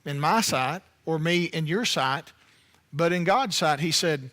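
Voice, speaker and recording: A male pastor preaching a sermon in an animated, conversational way, with playful asides to the congregation. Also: a little high, unhurried.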